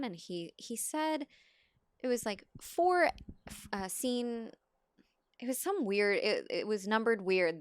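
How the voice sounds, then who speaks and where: A woman's voice: medium pitch, clear, resonant tone, no room sound, studio quality. A woman guest on a podcast, chatting casually and acting out quotes as she tells stories. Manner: animated storytelling, acts out quotes with laughs. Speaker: podcast guest, actor and script supervisor. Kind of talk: casual conversation. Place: Los Angeles.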